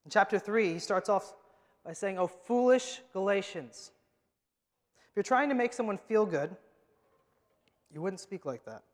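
Man, pastor, emphatic sermon, high voice, echoing church hall. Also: expressive, moderate pace, pauses often. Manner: emphatic preaching, swings from loud to hushed. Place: church sanctuary. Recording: long hall reverb.

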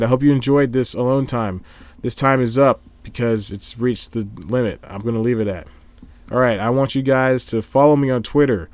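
A man's voice: mid-range voice, dry recording. Young man, casual home vlog, laptop microphone, rambling, restarts a lot, easygoing. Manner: rambling, self-correcting, chatty. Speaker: vlogger. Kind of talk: casual solo talk.

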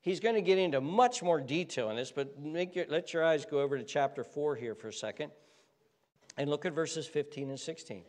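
A man's voice: fairly high pitch, fairly quick, a little mellow. A man preaching a sermon as pastor, explaining words by spelling them out letter by letter and building up to fervent emphasis. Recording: reverberant hall.

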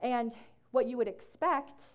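A woman speaking to a room as ministry staff, casual and conversational with many fillers, slowing down whenever she reads scripture. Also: fairly high pitch, dull audio. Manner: slows down to read scripture. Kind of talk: talk to a group. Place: room with an audience.

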